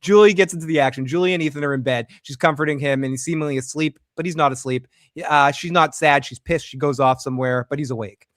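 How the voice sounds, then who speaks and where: Talking fast with few pauses, this podcast host has a voice on the high side and the sound is clean studio audio with no echo. On his casual recap show he retells scenes animatedly, performing the characters' lines himself.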